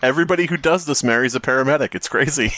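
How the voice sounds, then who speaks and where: A man co-hosting a comedy podcast, joking loudly and laughing often in casual banter. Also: medium pitch, very fast, no echo. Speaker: podcast co-host.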